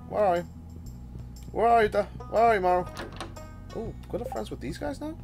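A man's voice: high voice, animated, fairly quick, long pauses, darkish tone, soft background music. A man giving casual gameplay commentary, exasperated and theatrical, grumbling and throwing mock insults.

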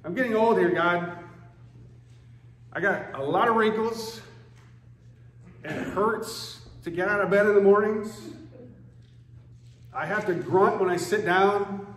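A man's voice: high voice, slow pace, pauses often, a bit bright, pitched above the performer's own voice. A man voicing an aging old patriarch who complains in an exaggerated, whiny way, heard in a roomy church. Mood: complaining.

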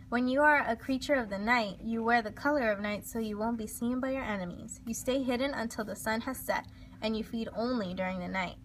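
A woman's voice: fairly high pitch, a bit bright, a little hiss or hum, lightly acted. A woman reading a storybook aloud, voicing a theatrical female teacher dressed as a bat, with a playful mock-spooky manner. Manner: mock-spooky, put-on foreign accent at first.

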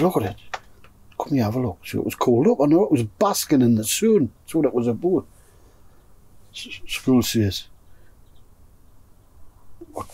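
A man's voice: medium pitch, slightly rough. A man with a Geordie accent telling a long story to friends in a pigeon loft, swearing constantly and acting out what everyone said. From North East England. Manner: swears constantly, acts out other people's lines. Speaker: pigeon fancier telling stories. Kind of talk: casual storytelling among friends.

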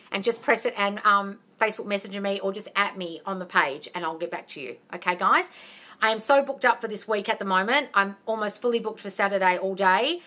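A woman's voice: medium pitch, bright, forceful tone. An Australian woman hosting a casual live Q&A as a manifesting coach, blunt and sweary, calling everyone darling.

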